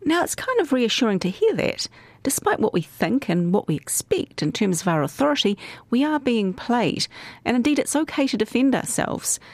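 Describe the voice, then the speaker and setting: A woman hosting and narrating a podcast in a measured, scripted way. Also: on the high side, sing-song, a little mellow, dry recording. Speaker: host narrator.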